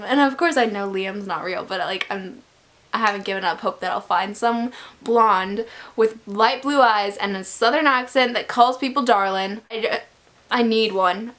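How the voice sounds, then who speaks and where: A woman giving a casual book review in her vlog, talking as a gushing, excitable fan. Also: fairly high pitch, normal speed.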